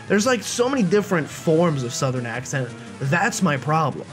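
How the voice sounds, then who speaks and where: Man, let's play host, casual gameplay commentary, chatty and jokey, animated pitch, faint game music behind. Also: normal speed. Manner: chatty, jokey, rambling with fillers.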